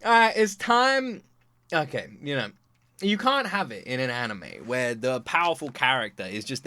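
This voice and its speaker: Man, reaction host, animated, joking, rapid talk, dry close sound. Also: fairly high pitch, no room sound. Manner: animated, joking, acts out scenes. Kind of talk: casual reaction commentary.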